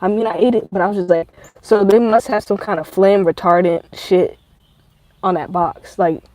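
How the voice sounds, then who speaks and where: A woman's voice: mid-range voice, moderate pace, no room sound, low-quality recording. Profane, rambling woman vlogger. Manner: profane, rambling, animated storytelling. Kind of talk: casual storytelling monologue.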